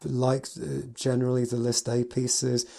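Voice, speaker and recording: A man's voice: medium pitch, completely flat delivery, measured pace, creaky, dark tone. A man, a piano teacher, giving a casual spoken review from his notes, enthusiastic and gushing with adjectives.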